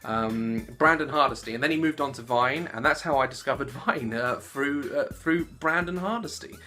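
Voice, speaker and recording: A young man in his late twenties chats to camera with a bright, forceful voice, laughing often and bouncing between jokes. Soft music plays quietly underneath him. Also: moderate pace. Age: 20s. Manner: giggly and animated, jumping into squeaky voices. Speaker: YouTuber answering fan questions. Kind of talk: casual Q&A vlog.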